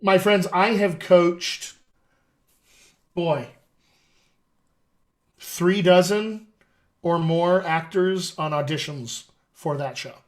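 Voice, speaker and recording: A man's voice: high-pitched, steady tone, very slow, pauses often. A man hosting a casual live-stream chat as a dialect coach, talking in a chatty, upbeat way with folksy asides.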